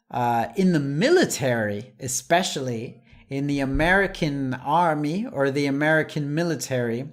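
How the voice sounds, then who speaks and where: A patient English teacher walks learners through everyday expressions, speaking at an unhurried, careful pace. Each example phrase is said slowly and repeated, with the odd light chuckle between points. The voice sits at a middle pitch.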